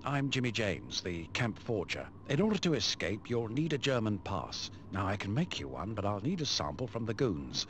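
A courteous, well-spoken forger in a prisoner-of-war camp, talking in a lively, lowish voice. This is video game dialogue. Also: male voice, normal speed, few pauses, slight background noise. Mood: polite. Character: polite British POW camp forger, upbeat.

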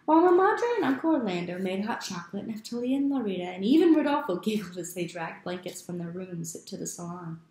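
A woman reading a children's novel aloud as a teacher, in an expressive, steady storytelling manner. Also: medium pitch, a little fast, hardly any pauses. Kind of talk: storybook read-aloud narration. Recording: echoey room.

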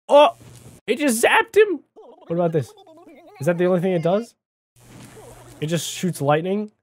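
A man giving jokey, excitable let's-play commentary as a gaming YouTuber, talking to the character on screen. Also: fairly high pitch.

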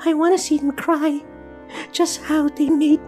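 A woman squeaking as a tiny vengeful cartoon creature. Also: little pitch movement, measured pace, mellow, faint music behind. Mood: menacing. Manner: sing-song, turns menacing. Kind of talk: game commentary role-play.

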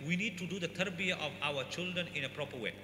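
A man's voice: on the high side, fast talker, bright, forceful tone. A man giving an emphatic sermon to a congregation, repeating his points and acting out parents and children. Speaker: Islamic scholar giving a talk. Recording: echoey hall with faint hum.

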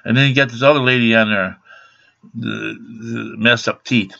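A man's voice: mid-range voice, fairly even intonation, normal speed, gravelly, sharp tone. A man in his fifties ranting angrily to his camera, swearing constantly in a blunt, aggrieved way. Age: 50s. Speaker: vlogger. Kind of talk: angry rant to camera. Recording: dull lo-fi webcam sound.

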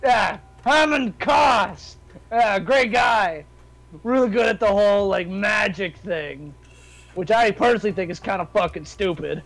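A man voicing a brash, dim-witted male brawler in a tabletop game, loud and boastful as he rambles. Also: sits high, measured pace, gravelly, pitched above the performer's own voice, exaggerated voice, rough recording. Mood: boastful, mocking.

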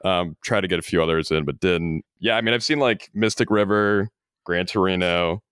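A man with a very low voice chats on a film podcast. He talks in a loose, hesitant way, leaning on fillers, and the recording is dry. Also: normal speed, fairly bright tone, clear, resonant tone, dry recording. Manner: laid-back, hesitant, filler-heavy. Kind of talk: casual film podcast chat.

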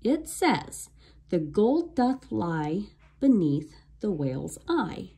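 A woman's voice: medium pitch, big pitch swings, slow, vocal fry, dark tone, slightly rough, heavily acted. A woman voicing a cautious young boy who asks earnest questions in a storybook reading.

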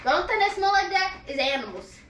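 High, bright young woman scolding. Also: very animated, quick pace, lo-fi sound, a little hiss or hum. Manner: scolding, repeats herself, loud and exasperated. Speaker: vlogger. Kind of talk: casual prank vlog banter. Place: bedroom. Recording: echoey room, mic at a distance.

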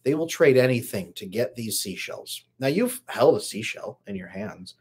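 A man's voice: medium pitch, animated, normal speed, darkish tone, slightly rough. A man coaching on relationships in a live stream, talking casually and greeting viewers from the chat by name.

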